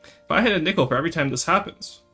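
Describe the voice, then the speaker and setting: A man chatting casually on a live stream, animated and rambling, quick to laugh. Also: fairly high pitch, slightly rough, soft background music.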